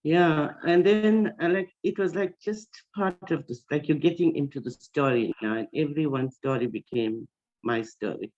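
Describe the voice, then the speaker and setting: A woman's voice: deep voice, normal speed, darkish tone. A woman sharing a personal story in a meeting, rambling with many fillers and restarts. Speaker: meeting participant. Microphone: video call. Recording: dull lo-fi call audio.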